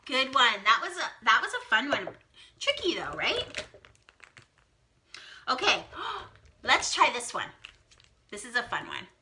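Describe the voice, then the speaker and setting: A young female teacher runs a live phonics game, reading out children's guesses and praising them warmly. Her voice is very bright and swoops across a wide range of pitch. She speaks slowly and clearly, with excited gasps. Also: a little hiss or hum. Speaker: teacher hosting a live online lesson.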